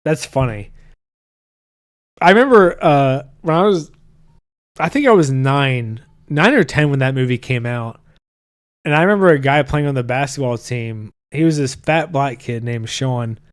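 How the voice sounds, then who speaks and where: A man's voice: mid-range voice, animated, a little slow, clean tone. A man in his thirties hosting a podcast, chatting casually and reading viewer comments in a loose, profane way. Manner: loose and profane, with frequent restarts. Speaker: podcast host.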